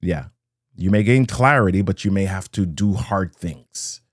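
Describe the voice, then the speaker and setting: Low-voiced man giving a rhythmic motivational talk. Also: a little slow, dry recording, clean studio sound. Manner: rhythmic, repeats key lines, greets viewers. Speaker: motivational speaker. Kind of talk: live-streamed motivational talk.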